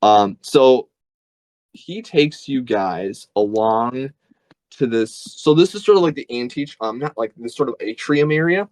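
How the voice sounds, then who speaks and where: Man game master, easygoing, halting narration, dry close sound. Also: mid-range voice, lively intonation, darkish tone, no echo, rough recording. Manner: casual, many fillers and restarts.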